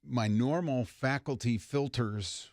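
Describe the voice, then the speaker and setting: A man co-hosting a morning radio show, telling a relaxed anecdote in casual studio chat. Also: medium pitch, slow, dry recording.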